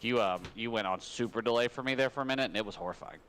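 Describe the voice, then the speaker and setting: A man's voice: mid-range voice, very fast, fairly bright tone, slight background noise. A man co-hosting a trivia stream on a wired headset, laid-back and joking, often laughing. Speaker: trivia night co-host. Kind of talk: casual livestream banter.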